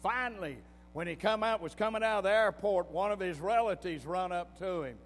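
A preacher delivers his sermon like a folksy story, his fairly high voice climbing into emphatic bursts. The voice rings through a hall with a long reverb while soft music plays underneath. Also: brisk.

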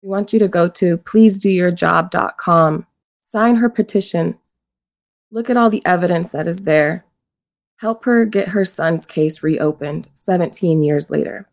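A woman's voice: fairly low pitch, unhurried, creaky. A woman hosting a show, introducing a guest and earnestly urging listeners to act. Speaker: podcast host.

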